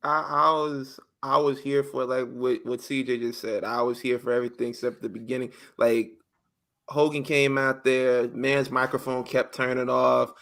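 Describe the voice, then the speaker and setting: A man co-hosting a podcast in casual chat, retelling events with animated storytelling and slangy acted-out quotes. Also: medium pitch, moderate pace, creaky. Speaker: podcast co-host.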